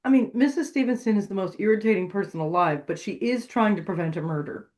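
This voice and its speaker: A podcast co-host talks in a relaxed, wry, conversational way. Quick agreeing asides punctuate the partner's points, and the voice sits at a middle pitch. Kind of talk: casual chat about a radio drama.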